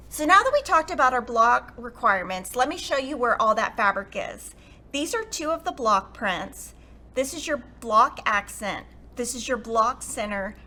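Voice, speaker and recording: A woman's voice: fairly high pitch, sharp tone. A woman hosting a quilting tutorial, chatty and enthusiastic as she explains each step. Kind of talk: upbeat sewing tutorial.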